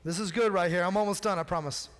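High-voiced pastor in a reverberant hall. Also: male voice, fast. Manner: animated storytelling, acting out dialogue in a casual modern voice. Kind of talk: sermon. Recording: long reverb of a large hall.

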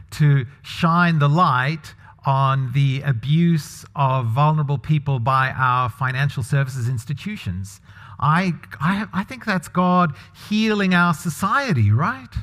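A man's voice: on the high side, a bit bright. A man preaching a sermon in a conversational way, putting questions to the congregation. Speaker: pastor. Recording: long hall reverb.

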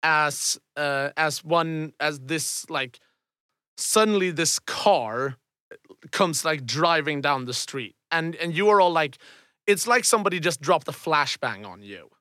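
A man runs a tabletop game as game master, describing scenes in loose rambling bursts with many restarts. His voice is fairly high for a man, bright and clear, recorded dry and close. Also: lively intonation, unhurried, no echo. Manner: rambling, full of fillers and restarts.

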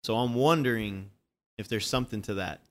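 A man chatting casually about a movie, rambling and animated, swearing freely. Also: on the low side, fairly quick.

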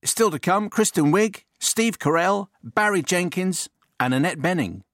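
A man's voice: high-pitched, animated, a little slow, fairly bright tone, dry recording, studio quality. A middle-aged man presenting a radio show with wry, teasing banter. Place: radio studio.

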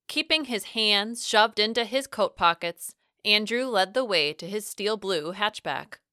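Bright, crisp woman narrating an audiobook. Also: no room sound, clean studio sound. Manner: expressive, with lively shifts in pitch and volume. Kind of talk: first-person audiobook narration.

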